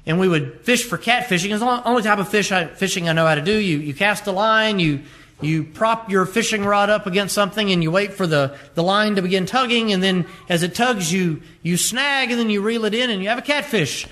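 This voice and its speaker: Male pastor, higher-pitched voice, conversational sermon delivery, asks the congregation questions. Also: fairly quick, bright, forceful tone. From rural upbringing with a catfish pond. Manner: conversational preaching with rhetorical questions.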